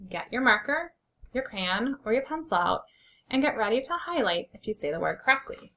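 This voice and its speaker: A woman teacher leading an early reading lesson for children, sounding out words slowly and clearly and encouraging them as friends. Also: on the high side, big pitch swings, bright, forceful tone, low-quality recording.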